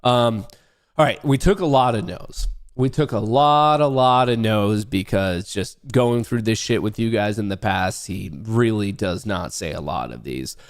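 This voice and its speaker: A man hosting a casual livestream, talking to his chat in an excitable, rambling way and swearing freely. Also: fairly low pitch, a little slow. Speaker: livestream host.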